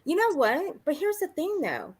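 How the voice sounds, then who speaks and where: Animated gossipy woman on a panel. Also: extremely high pitch, moderate pace. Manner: gossipy, mimics people she talks about. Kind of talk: casual live panel chat.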